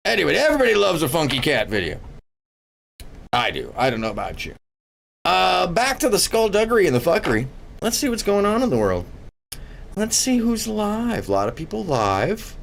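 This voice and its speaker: A man's voice: high-pitched, a little fast, gravelly, a little hiss or hum. A man hosting a stream, rambling and swearing through casual reaction commentary. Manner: rambling, profane, animated. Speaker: streamer host.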